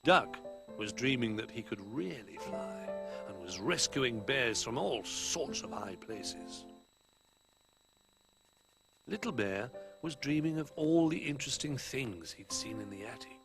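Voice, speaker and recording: A man reading a children's storybook aloud in an expressive way, dropping to a hush for the quiet moments. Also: mid-range voice, unhurried, vocal fry, music in the background, rough recording. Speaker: narrator.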